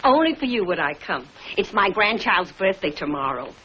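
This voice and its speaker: A woman's voice: on the low side, big pitch swings, moderate pace, sharp tone, a little hiss or hum, rough recording. An actress playing an elderly grandmotherly neighbor who gushes emotionally, in 1950s sitcom style. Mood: affectionate. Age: older. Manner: gushing, emotional, laughing through words. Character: elderly grandmotherly neighbor woman, tender and effusive. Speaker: old neighbor visiting.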